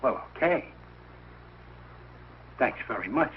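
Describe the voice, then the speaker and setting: An actor playing an excitable, sentimental working-class father in a 1940s radio sitcom, lively and self-pitying. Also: mid-range voice, slow pace. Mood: hurt. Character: blustering, sentimental working-class family man. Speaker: father of the household. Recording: dull old radio broadcast with faint hiss.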